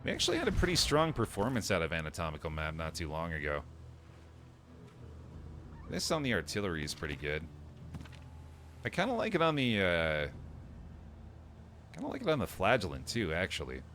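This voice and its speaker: A streamer chatting casually while playing a game live, answering chat and thinking aloud. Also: male voice, deep voice, huge pitch swings, a little fast, pauses often, a little hiss or hum. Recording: loud game music behind.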